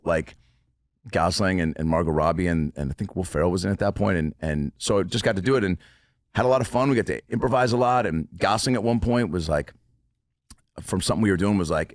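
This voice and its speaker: A man's voice: deep voice, lively intonation, brisk, no echo, clean studio sound. A man in his thirties, a comedian guest on a podcast, telling a rambling, profane story in casual chat. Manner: rambling storyteller, swears, laughs often.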